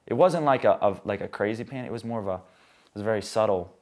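A man's voice: lowish voice, animated, quick pace, a little mellow. A young man telling his conversion testimony as a guest, rambling, with many restarts.

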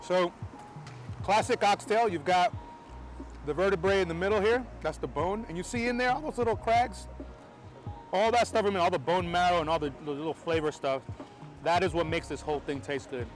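A man from New York with a New York American accent, talking excitedly to camera in a casual vlog on a city street, swearing now and then. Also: high voice, brisk, faint music behind. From New York, USA. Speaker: film photography vlogger.

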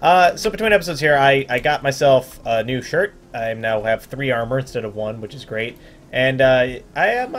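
A man hosting a game playthrough in a relaxed, chatty way, reading on-screen dialogue aloud and tripping over words now and then. His voice sits at an ordinary middle pitch, and faint game music plays underneath him. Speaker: let's play host.

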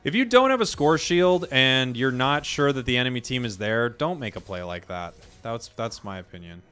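A man's voice: mid-range voice, normal speed, clean tone, soft background music. A man giving casual, joking commentary while playing a video game, ranting at teammates. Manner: joking, animated, rants at teammates. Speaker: gaming streamer.

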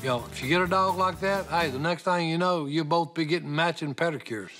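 A man's voice: on the high side, a little fast. An older man with a Southern US accent, rambling in folksy banter and scolding his dog. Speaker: reality show cast member. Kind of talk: casual banter and to-camera asides. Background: background music.

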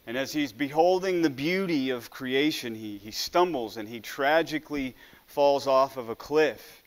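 A man's voice: mid-range voice, measured pace. A man preaching a sermon in an earnest way, often stumbling over the first word of a phrase. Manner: earnest, with frequent stammered restarts.

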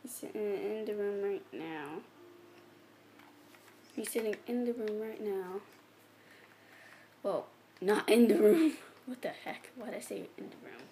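A woman's voice: mid-range voice, measured pace, long pauses, mellow. A woman giggling through hiccups as she rambles over casual gameplay commentary to her viewers. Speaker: gameplay channel host. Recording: echoey room, faint background noise.

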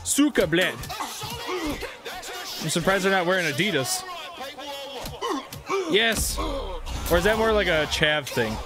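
A man giving joking let's play commentary with excitable whoops and quick reactions, over game music. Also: high-pitched. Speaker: gaming YouTuber.

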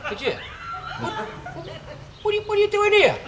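A hearty cheeky bus driver. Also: male voice, very high voice, very animated, fairly quick, very noisy. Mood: indignant. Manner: hearty, joking, laughing often.

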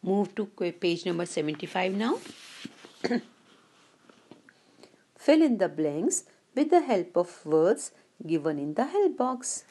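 A woman teaching a lesson to young children, speaking slowly, clearly and patiently. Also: fairly low pitch, sing-song, mellow. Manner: slow, clear, patient, addresses children fondly. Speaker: English teacher.

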